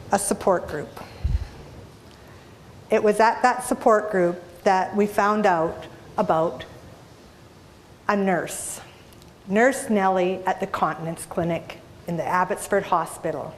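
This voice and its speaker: A Canadian woman giving a humorous talk as an inspirational speaker, telling animated stories and asking the audience questions. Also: medium pitch, slow pace, pauses often, a little hiss or hum.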